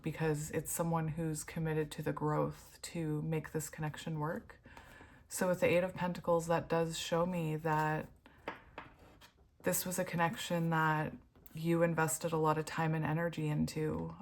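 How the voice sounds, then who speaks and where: Giggly, gushing woman reading tarot. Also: deep voice. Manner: giggly, gushing, laughs often; emotional, heartfelt. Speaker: tarot reader. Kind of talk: casual tarot reading to camera.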